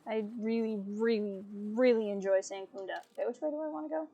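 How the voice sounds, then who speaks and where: A young woman chatting playfully through a live game stream. Her voice sits a bit high and bounces with jokes and asides. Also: lively intonation, fast, gravelly, warm tone, muffled recording, soft background music.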